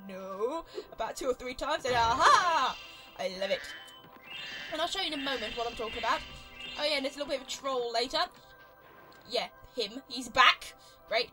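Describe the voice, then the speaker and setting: A young woman with an exaggerated British accent giving chatty, excitable gameplay commentary as a let's play host. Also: high-pitched.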